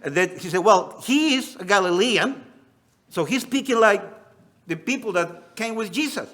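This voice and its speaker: A male preacher whose accent blends Spanish with Australian. He has a somewhat high voice. He preaches in an earnest way, reading scripture and acting out the quoted lines. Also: lively intonation, normal speed, fairly bright tone. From Spanish-speaking country. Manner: earnest, reads scripture aloud and acts out quotes. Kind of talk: sermon.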